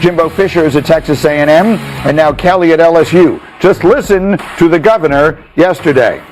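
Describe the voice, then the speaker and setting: A man hosting a morning sports talk show, playful and quick to laugh as he chats. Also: fairly high pitch, darkish tone, faint music behind.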